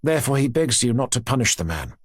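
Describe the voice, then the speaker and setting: A man voicing a gentle, anxious aristocratic mother who speaks earnestly. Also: medium pitch, sing-song, fast talker, breathy edge, dry recording, studio quality.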